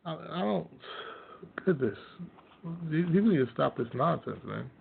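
Blunt profane male sports host, gravelly, slightly high voice, phone-thin sound. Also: big pitch swings, moderate pace, slight background noise. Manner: blunt, profane, laughs at opinions he mocks. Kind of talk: casual sports rant. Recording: tinny phone-like audio.

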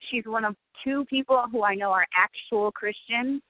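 A woman's voice: fairly high pitch, moderate pace, dry recording. A woman in her forties, a radio guest, speaking candidly and emotionally and swearing freely. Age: 40s. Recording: tinny phone-like dry sound.

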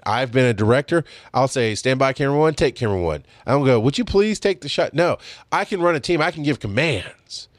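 A man's voice: mid-range voice, no room sound, studio quality. A middle-aged man hosting a podcast, speaking bluntly in a casual, profane monologue. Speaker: podcast host.

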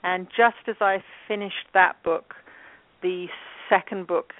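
A woman in her fifties from England, a guest telling her story in a relaxed interview with many fillers. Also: on the low side, slow, no room sound. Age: 50s. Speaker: guest, channel and author. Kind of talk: casual interview talk. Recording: tinny phone line.

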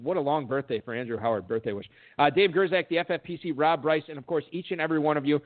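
A man's voice: on the high side, fast, hardly any pauses. A man hosting a podcast, telling stories in casual chat and laughing often. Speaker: podcast host. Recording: tinny phone-like audio.

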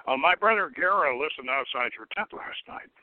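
A man doing a defiant young captive, high and strained. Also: lively intonation, moderate pace, no echo, natural voice. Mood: frightened. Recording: dry, tinny phone-like radio sound.

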